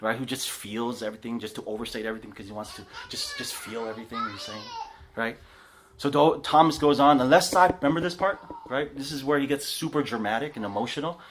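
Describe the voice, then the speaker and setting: A man preaching a conversational sermon in a house church, casual and animated, often checking in with his listeners. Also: mid-range voice, fast, slight background noise. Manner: casual, animated, tags lines with "right?", many restarts. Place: house church living room.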